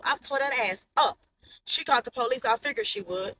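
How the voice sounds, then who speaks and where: Mom in her 30s ranting to camera in her car, cussing a lot, repeats stuff, loud car noise behind. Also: high voice, fairly quick. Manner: blunt, profane, emphatic, repeats herself. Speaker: mother telling a personal story. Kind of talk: casual storytime monologue to camera. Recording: noisy, with car sounds behind.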